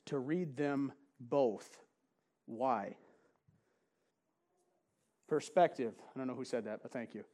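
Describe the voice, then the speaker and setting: In a church sanctuary, a man with a fairly high, darkish voice preaches to his congregation, chatting, laughing often, and asking them questions. He then reads scripture slowly and with emphasis.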